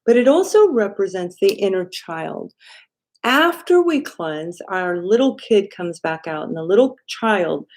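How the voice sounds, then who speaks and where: A woman hosting a live stream as an intuitive card reader, talking straight to her viewers in an animated way and often adding "right?". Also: medium pitch, unhurried. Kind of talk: live-stream tarot reading.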